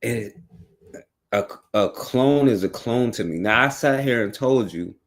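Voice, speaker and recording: A man's voice: medium pitch, unhurried. A man hosting a talk radio show, giving casual political commentary in a conversational, rhetorical way, often checking in with the listener. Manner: conversational, rhetorical, many "right?" and "you know what I'm saying".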